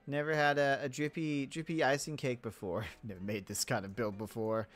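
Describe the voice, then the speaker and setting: A casual gaming commentator who rambles, jokes and keeps cutting into their own sentences while building. The voice swoops up and down with lively intonation. Soft background music plays under the talk. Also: mid-range voice, normal speed, few pauses. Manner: rambling, joking, self-interrupting. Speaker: Minecraft let's play creator.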